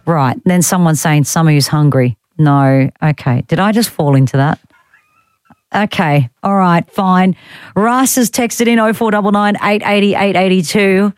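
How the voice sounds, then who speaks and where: On a studio microphone with no room sound, this Australian talkback radio host speaks in a lowish voice at a measured pace. She's casual, wry, and teasing, reading out texts from listeners between chat.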